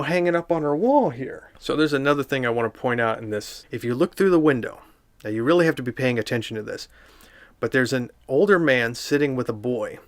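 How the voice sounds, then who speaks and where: A man doing a deadpan comedic review of a picture book, with dry, sardonic, rambling asides. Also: medium pitch, no echo.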